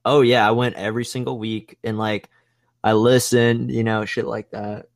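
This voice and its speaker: Young man, podcast chat, rambling, profane, lowish voice, dry sound. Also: little pitch movement, moderate pace, no room sound. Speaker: podcast host.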